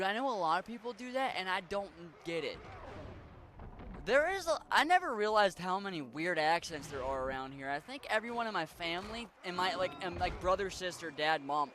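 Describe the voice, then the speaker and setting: A man's voice: high-pitched, bright, forceful tone. Young western maryland guy streaming, twangy mixed accent, rambly and cussing, slight hiss behind. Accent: Western Maryland, Appalachian mix. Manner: rambling, swears casually, talks to chat. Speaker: game streamer. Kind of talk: casual chat while gaming.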